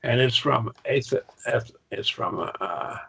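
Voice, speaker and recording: A man's voice: medium pitch, slow pace, vocal fry, pushed and bright, breathy edge. A man teaching a college-level Greek Bible class, explaining step by step with enthusiasm. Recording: muffled lo-fi class recording.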